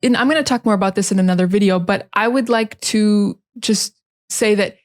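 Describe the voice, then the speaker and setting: A young woman with a standard American accent, talking calmly and close to the mic as an English teacher in a relaxed podcast style. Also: medium pitch, brisk. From United States. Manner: calm, close to the mic, chatty with fillers. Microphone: close microphone.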